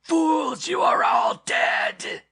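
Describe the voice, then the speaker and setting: A man voicing an inhuman beast-voice in the woods that chants about death in a high, half-whispered shriek. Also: steady tone, drawn-out words, creaky, bright, forceful tone, raised voice, heavily acted. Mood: gloating.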